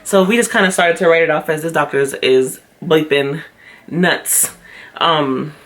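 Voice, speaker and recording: A young woman vlogger telling a personal story to camera, chatty and animated, often acting out what others said. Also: deep voice, a little slow. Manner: chatty with frequent fillers. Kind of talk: storytime vlog.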